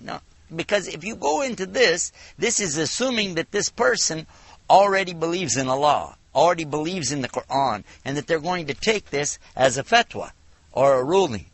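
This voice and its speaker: A man from the United States giving a televised religious lecture, telling stories with animated, acted-out dialogue. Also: on the high side, moderate pace, dry recording. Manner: animated storytelling, acts out dialogue. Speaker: Islamic lecturer.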